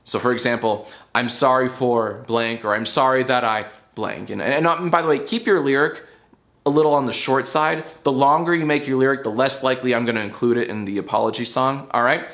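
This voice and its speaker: A man's voice: mid-range voice, brisk, fairly bright tone. Rambling playful man hosting a show. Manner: rambling, playful, explains with repeated "all right?". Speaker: YouTube show host. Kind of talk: casual talk to camera.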